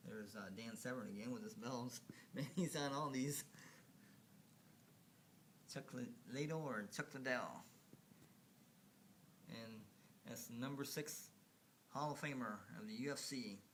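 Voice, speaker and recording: Slow, rambling man narrating casually. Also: mid-range voice, slight background noise. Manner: rambling, hesitant, with many fillers and restarts; chuckles at his own remarks. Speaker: video narrator. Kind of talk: casual slideshow commentary.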